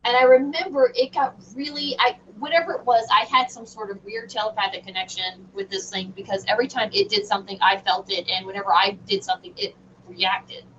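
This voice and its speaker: Woman, middle-aged, animated emphatic storyteller, far from the mic, muffled sound. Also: mid-range voice, a little fast. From Southern United States. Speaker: guest. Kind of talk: recounting a personal story in an interview. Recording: distant, dull remote audio with faint noise.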